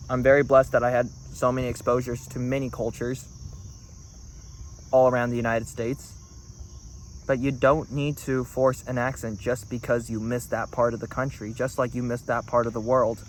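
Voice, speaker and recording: A man's voice: mid-range voice, flat delivery, moderate pace, slight background noise. A man talking to the camera in a rambling, earnest monologue. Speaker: vlogger.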